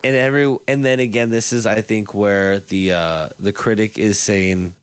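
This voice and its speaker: Laid-back low-voiced young man, dry sound. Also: steady tone, moderate pace, clean tone, no room sound. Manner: laid-back, hesitant, many fillers. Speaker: podcast co-host. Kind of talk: casual movie review chat.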